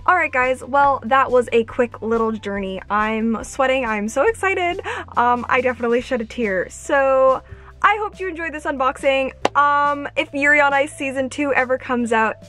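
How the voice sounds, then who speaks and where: A high-pitched woman vlogger gushing over an unboxing, her voice jumping up into squeals when she gets excited. Faint music plays underneath. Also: normal speed.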